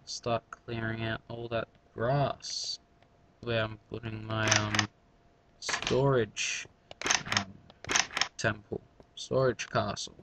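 A man's voice: fairly low pitch, flat delivery, takes it slowly, noisy background. A man giving casual gameplay commentary, rambling through mumbled asides to his viewers. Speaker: let's play gamer.

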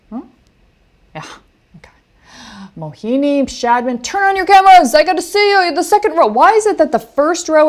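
A woman coaching a film class over a video call, telling stories in an animated way with lively asides. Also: high-pitched. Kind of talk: online class talk.

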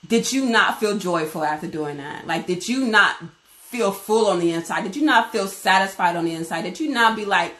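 A woman giving an informal bible study message, conversational and animated, acting out little exchanges as she teaches. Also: medium pitch. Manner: animated, conversational, acts out dialogue. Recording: roomy echo.

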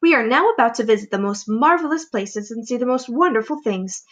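A woman voicing a kind, gentle ladybug. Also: a little high, lively intonation, a little fast, muffled recording. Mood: gentle reassuring.

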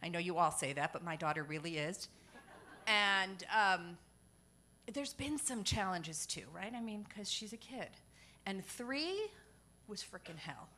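A woman's voice: mid-range voice, lively intonation, a little slow, pushed and bright. A woman performing a stand-up comedy set on a comedy club stage, chatty and self-deprecating with punchline-driven timing.

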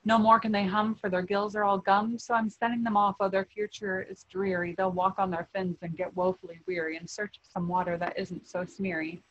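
A woman's voice: mid-range voice, flat delivery, brisk, few pauses, highs cut off, lightly acted. A woman reading a storybook aloud and voicing a small, cranky male forest creature who snaps and scolds. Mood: angry. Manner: snappish, scolding.

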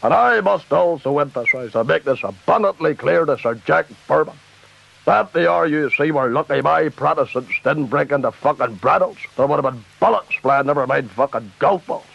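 A man's voice: a little high, animated, moderate pace, creaky, slightly rough, heavily acted. A man with a Northern Irish accent doing a comic impression of a ranting, foul-mouthed loyalist preacher-politician. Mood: boastful. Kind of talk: comic radio sketch impression. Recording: dull lo-fi tape with faint hiss.

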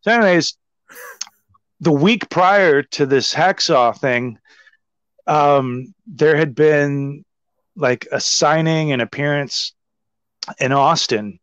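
A man guest telling a story in a casual, animated and profane way, full of "like". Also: on the high side, slow, long pauses, clear, resonant tone, no echo. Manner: animated, profane, heavy use of "like". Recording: slightly dull, dry sound.

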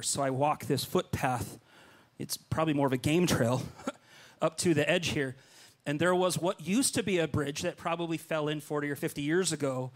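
A middle-aged man preaching, telling a long personal story in a lively way and acting out his own lines. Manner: animated, acts out his own lines with jumps in pitch. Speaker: pastor. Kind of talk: storytelling sermon.

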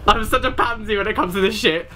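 A man's voice: sits high, fast talker. Panicky young man with background hiss. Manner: jumpy, panicky, exclamatory, swears a lot. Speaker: gaming channel host. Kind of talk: horror game reaction commentary.

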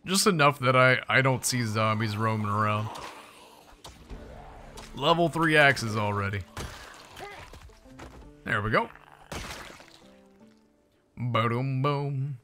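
Young male gaming streamer, bright animated delivery, excitable and jokey, faint music bed. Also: medium pitch, takes it slowly, pauses often. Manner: playful, excitable, jokey asides to viewers. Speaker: gaming YouTuber. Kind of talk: casual gameplay commentary.

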